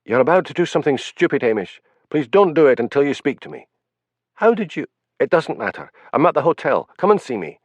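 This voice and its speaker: A man's voice: fairly high pitch, huge pitch swings, fairly quick, husky, no echo, pitched above the performer's own voice, exaggerated voice. A man voicing an anxious, urgent young woman. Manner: urgent, pleading. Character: anxious, earnest young woman reporter with second sight.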